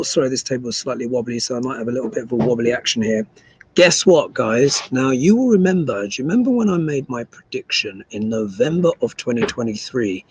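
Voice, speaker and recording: A man's voice: medium pitch, slightly rough, rough recording. A man hosting a casual astrology and tarot livestream, chatting and reading viewer comments aloud. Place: small desk in a humid room abroad.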